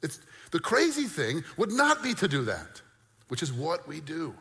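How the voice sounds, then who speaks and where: A male pastor delivering an animated sermon, with bursts of mock disbelief and a conversational, joking aside. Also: a little high, normal speed, in a large hall. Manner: animated preaching with mock-incredulous outbursts.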